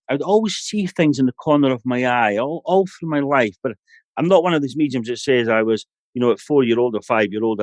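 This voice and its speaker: A man's voice: medium pitch, darkish tone, no echo. A middle-aged Scottish man, a guest on a podcast, telling a long personal story in a rambling, anecdotal way full of "you know". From Scotland.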